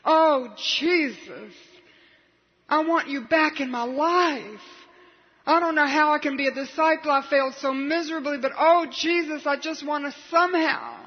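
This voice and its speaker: A man's voice: very high voice, a little slow, voice pushed up. A preacher acting out a male fisherman disciple who pleads with raised emotion, heard on a dull lo-fi recording. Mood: pleading. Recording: dull lo-fi recording with faint hiss.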